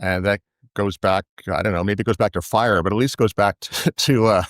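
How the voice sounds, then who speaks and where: Low-voiced man, thoughtful and halting. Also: steady tone, a bit bright, dry recording, clean studio sound. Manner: thoughtful, with frequent restarts and repetitions. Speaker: investment analyst guest. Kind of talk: interview answers.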